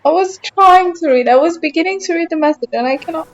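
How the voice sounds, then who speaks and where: A young woman with a very high voice and a light German accent talks fast while playing a game, chatting with her stream chat. She's frustrated and talkative, and the audio sounds dull.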